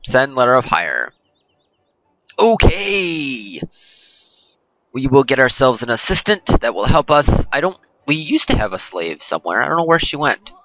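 A man talks through a game in a rambling, jokey way and keeps correcting himself. His voice is bright and animated. He sounds dry and close to the mic, with faint music underneath. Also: mid-range voice, a little slow, creaky, no echo, low-quality recording. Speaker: let's play host. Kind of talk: casual gameplay commentary.

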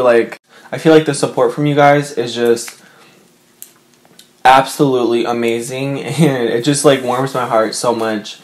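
A young mukbang vlogger chats to camera from his bedroom, rambling emotionally to his viewers with lots of fillers. His medium-pitched voice is fairly even in intonation and measured in pace.

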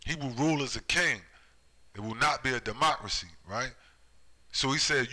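Man, heated sermon, rhetorical questions, sharp bright voice. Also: medium pitch, normal speed, pauses often, low-quality recording. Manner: heated, repetitive, rhetorical "right?" tags. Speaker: online preacher. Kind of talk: street-style scripture commentary.

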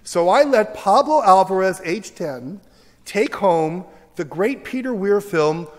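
High-voiced man in his sixties lecturing. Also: animated, takes it slowly. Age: 60s. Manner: emphatic, joking storyteller. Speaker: teacher giving a lecture. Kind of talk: humorous, animated public lecture. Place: large university auditorium. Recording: reverberant auditorium lecture recording.

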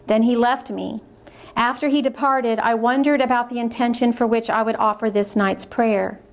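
Earnest lady at a faith conference, reads passages then talks them over, kinda high voice. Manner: earnest, repeats words when moved. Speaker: conference speaker. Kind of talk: religious talk reading diary passages aloud.

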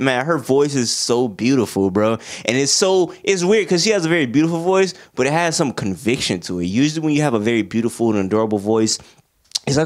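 A young man giving a casual album review, talking in a loose, slangy and excitable way. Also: medium pitch, brisk. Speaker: music reviewer.

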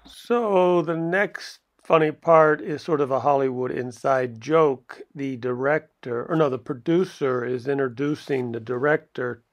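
A man's voice: medium pitch, a little slow, few pauses. A man giving a casual, rambling movie review from home, chuckling often and wandering into asides. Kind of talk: casual video review commentary.

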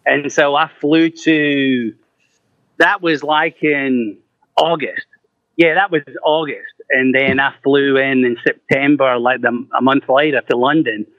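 A middle-aged rock singer speaks at a measured pace with a medium pitch and fairly even intonation, telling casual stories. He swears freely, laughs, and imitates the voices of quoted people, on a muffled, lo-fi, dry recording.

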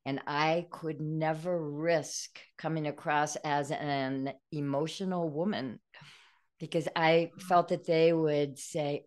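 An older woman speaks in a low, earnest voice as a guest on a podcast. She recounts a painful personal story with feeling, taking her time and staying open about her emotions. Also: steady tone, measured pace. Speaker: guest author. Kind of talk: podcast interview.

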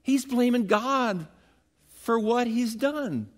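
A man preaching a sermon as pastor, animated, acting out quoted lines and leading the congregation in call-and-repeat. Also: slow pace. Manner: animated, acts out quotes with big pitch jumps, has congregation repeat lines.

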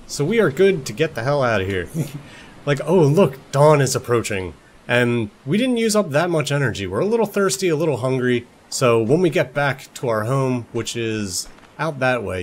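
Young dude doing let's play commentary, jokey, chats to stuff on screen, bit of faint hum behind. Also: male voice, mid-range voice. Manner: joking, talks to objects in the game, swears casually. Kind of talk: casual gameplay commentary. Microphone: desktop recording mic.

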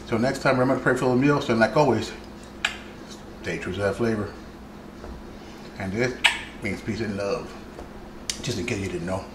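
A man hosting a casual cooking vlog, relaxed and chatty, talking while he plates and eats his food. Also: fairly low pitch, normal speed, long pauses, roomy sound, noisy background. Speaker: cooking channel host.

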